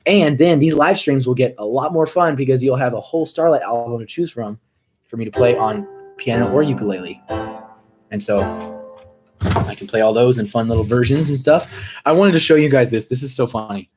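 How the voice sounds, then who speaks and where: A musician hosting a casual live stream, chatting in an upbeat, rambling way with quick asides. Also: male voice, medium pitch, darkish tone, faint music behind.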